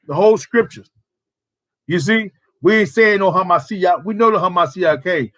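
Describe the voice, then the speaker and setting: A man's voice: sits high, normal speed, a bit bright. A man preaching a sermon at a prayer service, emphatic and full of rhetorical questions.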